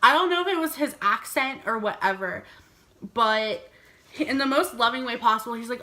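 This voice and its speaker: A woman's voice: fairly high pitch, normal speed, bright, forceful tone. A young woman vlogger telling a storytime, chatty and giggly, saying "like" all the time. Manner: chatty, heavy use of "like", giggly. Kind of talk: storytime vlog.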